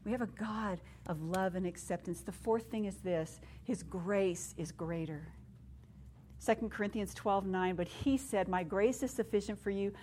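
A woman in her fifties giving a sermon to women, telling self-deprecating stories with lively laughter. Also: medium pitch, normal speed, slight background noise. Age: 50s. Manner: animated storyteller, self-deprecating humor, laughs while speaking. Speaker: women's ministry speaker.

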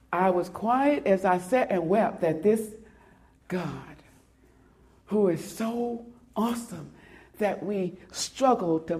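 Slow, mellow-voiced woman preaching a sermon. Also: fairly low pitch. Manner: dramatic, swelling loud then dropping to hushed near-whispers. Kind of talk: sermon with a read-aloud poem.

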